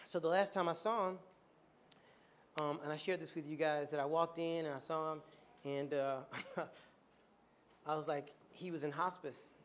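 A man preaching a storytelling sermon to his congregation, animated and joking and laughing often as he talks. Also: a little high, unhurried, pauses often, a little hiss or hum. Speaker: pastor. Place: church before a congregation.

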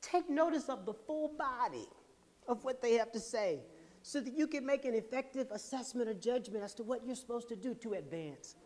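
A man hosting a podcast, giving an animated, laughing, preacher-like motivational talk to a live audience. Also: sits high. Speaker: podcast host and speaker.

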